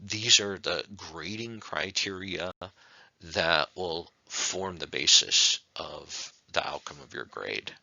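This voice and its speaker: Low gravelly male lecturer, dull audio. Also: animated, slow pace, pushed and bright, no room sound. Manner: conversational, with many fillers and rhetorical questions. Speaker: speech instructor. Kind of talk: recorded online lecture.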